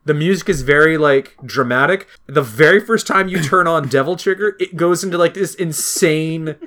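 A man in casual chat about a video game, excited and rambling, acting out quotes in passing. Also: a little high, moderate pace.

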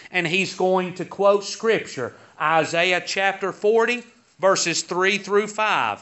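A Sunday school teacher takes his time reading King James verses aloud before explaining them. He has a high-sitting, bright, forceful voice, and the recording is muffled and lo-fi.

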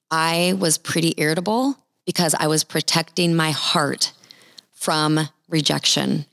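A woman's voice: low voice, a bit bright, dry recording, studio quality. A middle-aged woman sharing a Christian testimony in an earnest, heartfelt storytelling manner. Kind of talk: personal testimony talk.

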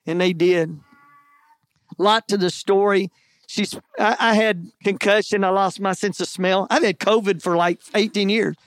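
A man's voice: high-pitched, steady tone, moderate pace, no room sound. A man preaching, telling a personal testimony earnestly with self-deprecating jokes. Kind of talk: sermon testimony storytelling.

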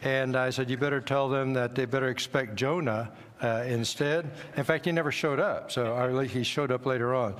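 An older man speaking from a church platform, telling wry, self-deprecating missionary stories in a relaxed, anecdotal way. His voice sits at an ordinary middle pitch. It rings out with a long hall echo. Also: a little fast, few pauses. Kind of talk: church talk with personal stories. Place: church sanctuary.

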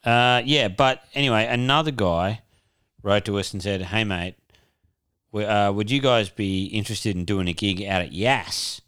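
A man's voice: lowish voice, moderate pace, a bit bright, smooth. A young adult man, co-hosting a podcast, rambling along in laid-back chat with plenty of swearing. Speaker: podcast co-host. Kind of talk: casual chat.

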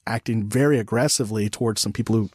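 A man's voice: fairly low pitch, darkish tone, breathy edge, dry recording, clean studio sound. A man hosting a casual podcast conversation, speaking reflectively and often restarting his sentences. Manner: reflective, halting with frequent restarts. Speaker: podcast host.

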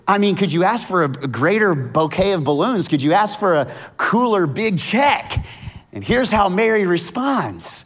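A man's voice: fairly high pitch, sing-song, moderate pace. A man preaching a sermon as casual, vivid storytelling with slang. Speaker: pastor.

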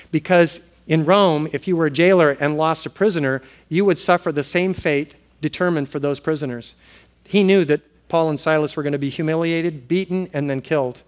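A man preaching a sermon, telling a family story with animated swings between loud exclamations and hushed, earnest tones. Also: fairly high pitch. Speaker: pastor.

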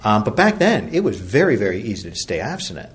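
A man's voice: fairly low pitch, big pitch swings, quick pace. A middle-aged man from Virginia sharing his recovery story at a meeting, rambling and self-deprecating, with many fillers and restarts. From Virginia, USA.

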